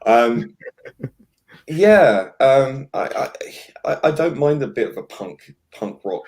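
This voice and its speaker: A man's voice: medium pitch, lively intonation, slow, darkish tone. A man hosting a casual chat, talking with frequent fillers and restarts and voicing firm opinions. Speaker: podcast host.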